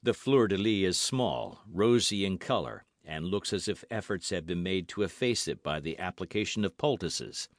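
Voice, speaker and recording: A man voicing a calm, phlegmatic male musketeer in an audiobook, low and measured. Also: dry recording, clean studio sound. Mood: grave. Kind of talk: audiobook character voice.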